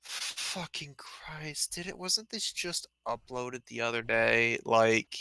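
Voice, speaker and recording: A man's voice: medium pitch, expressive, creaky, bright, forceful tone, clear, resonant tone. A man co-hosting a late-night stream, drawling and swearing casually. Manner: slow, drawling, swears a lot. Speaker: stream co-host.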